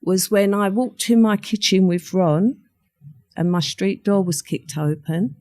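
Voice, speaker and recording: Older woman, podcast guest, vivid storyteller, acts out quoted voices, mid-pitched. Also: unhurried, mellow. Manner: vivid storyteller who acts out what others said. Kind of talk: recounting a personal story in conversation.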